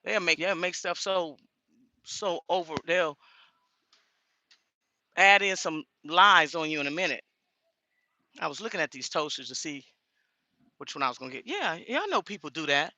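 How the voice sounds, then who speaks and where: A middle-aged woman truck driver talks into her phone camera inside a grocery store, outspoken and animated. Her voice swings widely and has a bright, sharp edge. The sound is close and dry. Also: sits low, moderate pace, pauses often, no room sound. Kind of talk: casual vlog chat.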